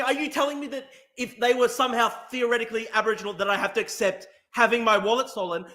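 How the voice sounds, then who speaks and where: A young man hosting a live stream, shouting and swearing through a furious rant. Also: very high-pitched, fairly even intonation, quick pace, few pauses. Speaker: streamer host. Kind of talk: angry ranting live stream.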